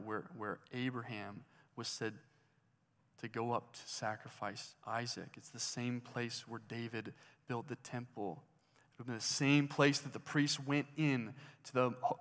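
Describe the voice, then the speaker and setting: A man's voice: mid-range voice, fairly bright tone. A man preaching a sermon in a conversational way, asking his listeners questions as he goes. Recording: hall reverb.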